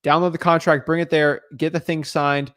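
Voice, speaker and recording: A young man teaching in a casual livestream, talking fast with lots of fillers and calling his viewers guys. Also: a little high, flat delivery, a bit bright. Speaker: real estate coach.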